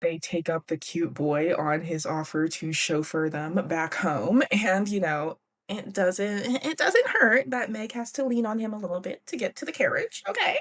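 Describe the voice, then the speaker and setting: A woman's voice: lowish voice, animated, normal speed, few pauses. A young woman hosting a book podcast, chatty and giggly, casually swearing as she recaps a classic novel.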